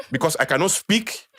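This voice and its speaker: A middle-aged man with a Nigerian accent holds forth as a podcast guest, driving his points home by repeating them. His voice sits a little high for a man. The sound is dry and close, with no room echo. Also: bright, forceful tone, slightly rough. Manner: emphatic, repeats phrases for effect, lecturing. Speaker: guest speaker. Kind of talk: passionate podcast talk.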